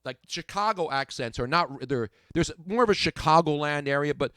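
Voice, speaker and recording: Brash, lively man hosting radio banter. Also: a little high, a little fast, dry recording. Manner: brash, joking, animated storyteller. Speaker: radio show host. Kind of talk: casual on-air banter.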